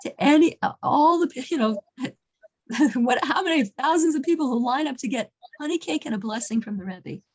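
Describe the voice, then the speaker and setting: Earnest woman with a gravelly, husky voice. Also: sits high, animated, a little mellow, poor audio. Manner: earnest, halting, repeats words while telling a story. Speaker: religious storyteller. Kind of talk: informal faith talk with storytelling.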